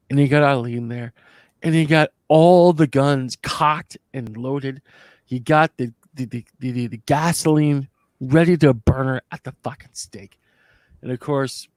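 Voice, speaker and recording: A man's voice: medium pitch, dry recording. A man, a former convention staffer co-hosting a podcast, telling a long profane story in an emotional, rambling way. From Canada. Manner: profane, emotional, rambling retelling with acted quotes. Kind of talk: casual storytelling chat.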